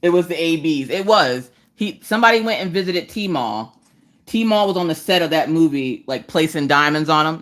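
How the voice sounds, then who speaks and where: An animated woman speaking at a moderate pace hosts a crafting live stream, doing diamond painting as she chats. Her humor is self-deprecating and casual, and she pops into high, squeaky voices to greet viewers.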